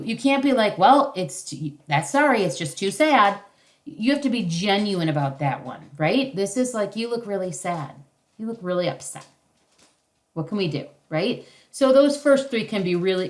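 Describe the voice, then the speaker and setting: Woman presenter on a video call. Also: a little high. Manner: conversational, acts out parent and child lines. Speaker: parenting workshop presenter. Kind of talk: casual instructional talk.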